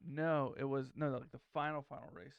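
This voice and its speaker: A man's voice: medium pitch, steady tone, a little fast, clean tone, dry recording, lo-fi sound. A man co-hosting a casual movie-breakdown podcast, rambling and breaking off his own sentences. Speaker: podcast co-host.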